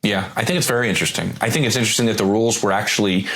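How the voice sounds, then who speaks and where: Low-voiced man co-hosting. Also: very fast, fairly bright tone. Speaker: podcast co-host, NFL reporter. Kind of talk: casual chat.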